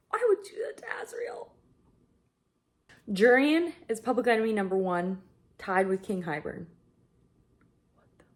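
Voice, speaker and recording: A woman reacting out loud as she reads a fantasy novel, gushing and sometimes dropping to a whisper. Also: mid-range voice. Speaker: book vlogger. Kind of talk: reading vlog reactions.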